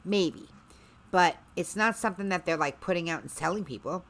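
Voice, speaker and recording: A woman's voice: on the low side, normal speed, fairly bright tone. A woman hosting a livestream, chatting casually in a rambling way with sarcastic asides. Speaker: livestream host.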